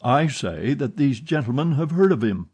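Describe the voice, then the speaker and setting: A man's voice: medium pitch, very animated, moderate pace, a little mellow, husky, pitched above the performer's own voice. A man voicing an earnest, trembling young viscount in an audiobook, speaking insistently. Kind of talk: audiobook character reading.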